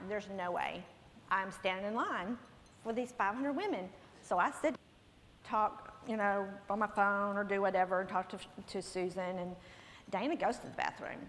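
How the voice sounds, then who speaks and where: A pastor's wife telling a humorous story to a women's conference, animated and laughing, her voice climbing into near shouts. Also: mid-range voice. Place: large church hall with audience. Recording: long hall reverb, faint room noise.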